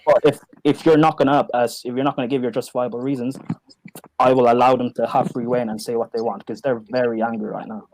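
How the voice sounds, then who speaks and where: Casting: stream host, firm and controlled, mid-pitched, dry sound. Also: male voice, flat delivery, fast, a little mellow, dry recording, poor audio. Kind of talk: confrontational moderation.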